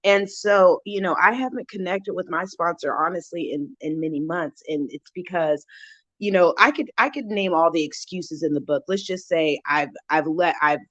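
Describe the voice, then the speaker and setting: Woman host, low-ish voice, earnest and heartfelt live chat, stumbles and restarts, dull dry recording. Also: moderate pace, fairly bright tone, dry recording. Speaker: recovery channel host. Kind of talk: casual livestream chat.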